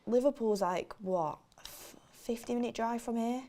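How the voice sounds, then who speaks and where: A woman with a Mancunian accent co-hosting a football watchalong in casual chat, her voice going hoarse. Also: on the high side, mellow. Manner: chatty, quick to defend her own accent.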